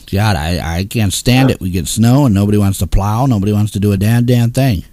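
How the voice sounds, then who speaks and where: A man from the northeastern United States hosts a small talk show from a home studio. His voice sits on the low side, and he talks in grumpy, exasperated rants full of cursing. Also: normal speed, dark tone, dry recording. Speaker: host. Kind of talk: casual ranting talk show.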